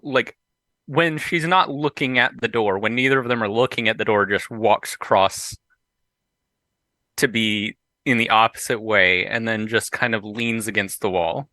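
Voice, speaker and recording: A man at a tabletop game, working through his character's moves haltingly. His voice is bright and forward, and the sound is dry and close. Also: on the low side, fairly even intonation, no echo. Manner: halting, thinking aloud. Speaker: player. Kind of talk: tabletop role-play.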